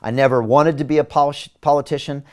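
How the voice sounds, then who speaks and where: This show host and mayoral candidate has a slightly high, smooth voice, a steady tone and a quick pace. Addressing viewers emphatically, he fires off rhetorical questions and reads out their comments.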